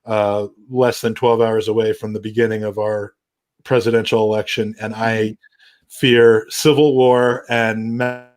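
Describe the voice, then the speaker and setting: A man's voice: fairly low pitch, level tone, unhurried. A man hosting a casual football podcast, rambling with many restarts and dry, wry humor. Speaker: podcast host.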